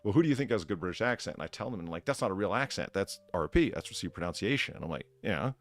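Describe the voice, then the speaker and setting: A man hosting a casual live stream, chatting with guests and thanking viewers in a rambling, animated way. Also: deep voice, rapid-fire. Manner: rambling, animated, many restarts. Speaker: streamer host playing bartender.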